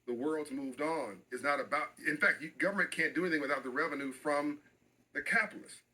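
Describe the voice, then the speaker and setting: A man's voice: fairly high pitch, quick pace, bright, forceful tone, low-quality recording. A middle-aged man speaking as an interview guest, passionate and emphatic, often repeating phrases for stress.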